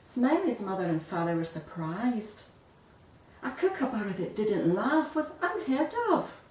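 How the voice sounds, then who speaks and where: A woman reading a children's picture book aloud in an expressive storytelling manner. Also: mid-range voice, a little slow. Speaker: storybook reader. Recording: echoey room, voice a bit far off.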